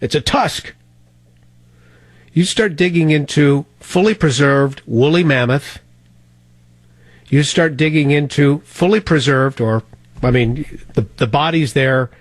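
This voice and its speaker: A man's voice: medium pitch, no room sound. Sarcastic talk radio host, man. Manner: sarcastic, mocking, rhetorical questions.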